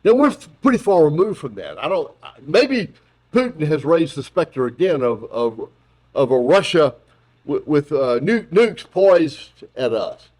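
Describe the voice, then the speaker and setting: A male philosophy professor lecturing to an audience in an auditorium, with a slightly high voice and a lively, swinging pitch. He talks in an animated, joking way, often restarting his sentences mid-thought. The tone is that of an informal public talk. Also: a little slow.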